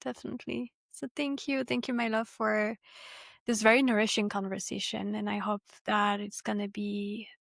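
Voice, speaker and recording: A woman hosting a podcast, softly and warmly thanking her guest as she closes the interview. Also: medium pitch, level tone, normal speed, vocal fry, dry recording, clean studio sound. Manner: soft, affectionate, brief replies. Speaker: podcast host. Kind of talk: closing an interview.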